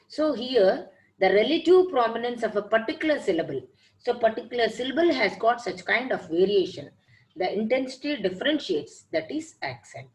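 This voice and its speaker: A woman's voice: fairly high pitch, a little mellow, poor audio. A woman giving a classroom lecture, explaining step by step and repeating key phrases.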